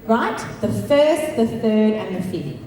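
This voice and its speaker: A woman's voice: mid-range voice, animated, takes it slowly, darkish tone. A woman vocal coach leading a live workshop in an auditorium, upbeat and encouraging, breaking into sung demonstrations. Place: large auditorium with a crowd of singers. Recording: echoey auditorium from far off with singing behind.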